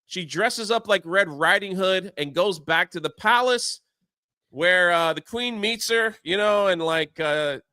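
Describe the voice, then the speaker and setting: A man hosting a casual talk show, recapping a film in an animated way and briefly putting on voices for its characters. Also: high-pitched, clear, resonant tone, dry recording, studio quality. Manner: animated retelling, acting out characters' lines in quick put-on voices. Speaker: show host. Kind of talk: casual movie recap chat.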